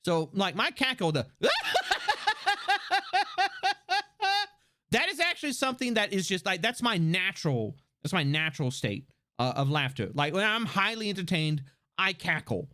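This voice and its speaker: A man hosting a live stream, talking in a casual, rambling, profane and animated way. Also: high voice, fairly quick. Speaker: livestream host. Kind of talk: casual livestream chat.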